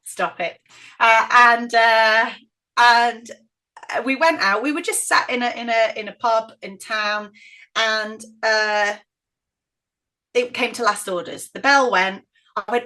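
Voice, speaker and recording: A middle-aged woman with a northern English accent, telling stories as an interview guest in an outspoken, animated way. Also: a little high, measured pace. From northern England. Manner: outspoken, animated, acts out quoted voices. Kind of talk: casual interview storytelling.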